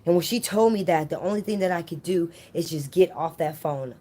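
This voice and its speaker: A woman's voice: lowish voice, a little fast, dark tone. A woman vlogger casually telling a personal story straight to her viewers, chatty and often calling them "you guys".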